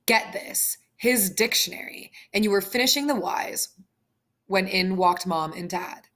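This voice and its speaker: A woman narrating a second-person story aloud with brisk, lively storytelling. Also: medium pitch.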